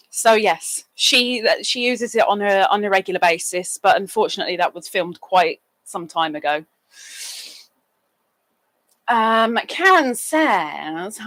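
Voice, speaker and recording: A woman with a somewhat bright voice hosts a casual crafting livestream, recorded with no room sound. She chats away, drifting between little stories and greetings to people in the chat, with occasional squeaky bursts.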